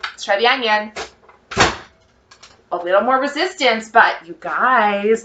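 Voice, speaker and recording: A woman chatting excitedly to her viewers as she cooks, thinking out loud in a casual vlog. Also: on the high side, slow pace, pauses often, reverberant, recorded from a distance, lo-fi sound, heavy background noise. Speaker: cooking vlogger. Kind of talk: casual cooking vlog, talking to camera. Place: home kitchen.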